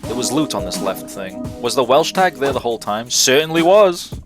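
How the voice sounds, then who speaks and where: Guy streaming a game, mid-pitch voice, reads npc lines in silly voices, game music going behind. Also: animated, fairly quick. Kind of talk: live game stream, reading dialogue aloud.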